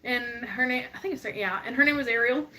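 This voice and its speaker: Young woman co-host, high and bright, animated laughing storyteller in casual chat. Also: fast talker. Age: 20s. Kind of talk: casual chat, reading live chat.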